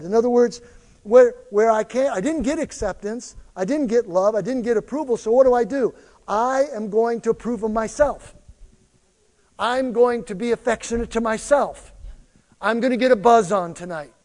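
Man, pastor, preaching a sermon, acts out quoted voices, high voice. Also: big-room sound. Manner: animated storytelling preacher, acting out quoted voices.

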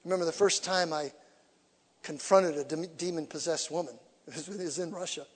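Male evangelist, high voice, animated storytelling sermon, long hall reverb. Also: a little fast, slightly rough. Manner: animated storytelling with humor, shifts from quiet to shouting. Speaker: evangelist preacher.

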